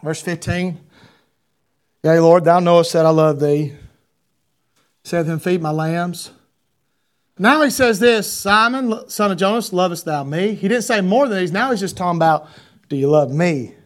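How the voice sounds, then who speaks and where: High-voiced animated male preacher. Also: moderate pace, pauses often. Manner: animated preaching, reading scripture in King James wording, rising to shouts. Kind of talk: sermon.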